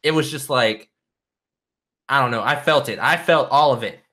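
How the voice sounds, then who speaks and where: A man's voice: mid-range voice, normal speed, sharp tone. A man in casual chat, retelling an anime scene in a rambling, enthusiastic way with lots of fillers.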